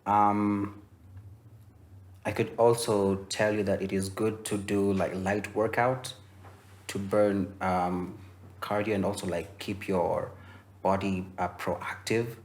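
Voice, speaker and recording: A young man from Kenya teaching voice-over in a relaxed, explanatory way, with many fillers and restarts. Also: fairly low pitch, slow pace. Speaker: voice-over coach. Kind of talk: instructional masterclass.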